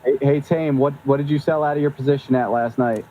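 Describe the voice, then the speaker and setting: A man's voice: mid-range voice, steady tone, quick pace, warm tone, dull audio, slight background noise. A man in a casual group chat, blunt and crude, talking in trader slang.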